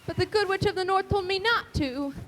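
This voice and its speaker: A woman's voice: very high voice, brisk, fairly bright tone, a little hiss or hum. A teenage girl acting a frightened, earnest young girl in a school stage play, talking in a pleading tone. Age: teens.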